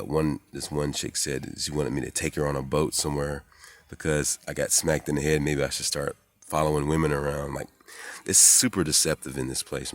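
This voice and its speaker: A man in his forties, rambling excitedly and profanely in a casual monologue, jumping into high voices when he quotes people. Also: no echo. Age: 40s. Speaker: spiritual vlogger.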